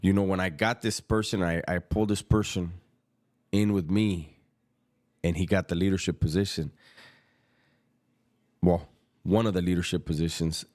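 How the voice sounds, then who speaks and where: Low-voiced socal guy, middle-aged, slangy laid-back storytelling, drops his voice when quoting people. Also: fairly even intonation, darkish tone. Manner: street slang, unhurried and reflective, quotes others in a lowered voice. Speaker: former prisoner telling his story. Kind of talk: casual storytelling.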